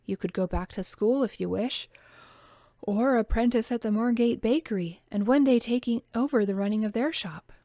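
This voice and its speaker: An earnest, genteel young lady who speaks with encouraging conviction, as a woman reader voices her. The voice is raised slightly above the reader's usual pitch. It sounds dry and close. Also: moderate pace, mellow, no echo, lightly acted.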